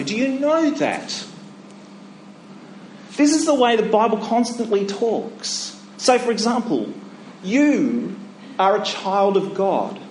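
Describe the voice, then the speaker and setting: A man preaching a sermon, emphatic and full of rhetorical questions, dropping his voice low when he voices inner thoughts. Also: darkish tone, a little hiss or hum. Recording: echoey hall, faint ambience.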